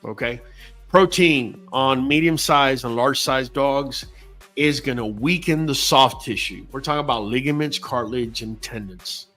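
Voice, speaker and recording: A man's voice: medium pitch, normal speed, fairly bright tone, soft background music. Blunt, slangy man hosting a livestream. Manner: blunt, slangy, addresses viewers directly. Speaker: dog breeder and livestream host. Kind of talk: casual livestream talk.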